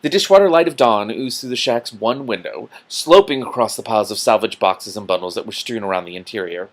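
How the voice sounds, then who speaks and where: A man reading a fantasy novel aloud with commentary, stumbling a little and breaking in with quick asides. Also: on the low side. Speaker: book reader.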